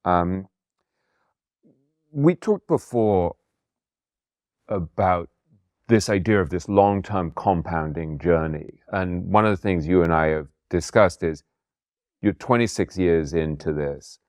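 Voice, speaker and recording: Low-voiced male interview host. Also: slow pace, pauses often, a little mellow, no room sound. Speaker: podcast host. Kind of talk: conversational interview.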